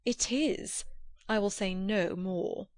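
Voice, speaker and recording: A woman's voice: mid-range voice, slow, a little mellow, no echo, natural voice. Stern, clipped male chaplain for an audiobook, frigid and self-righteous, in a dry, close sound, as read by a woman. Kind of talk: audiobook character reading.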